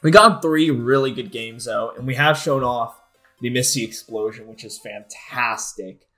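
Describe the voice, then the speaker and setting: Excitable swearing gamer man. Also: mid-range voice, a little slow, faint music behind. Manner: excitable, swears often, loud frustrated outbursts. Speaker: gaming YouTuber. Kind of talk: playing and commentating a competitive video game match.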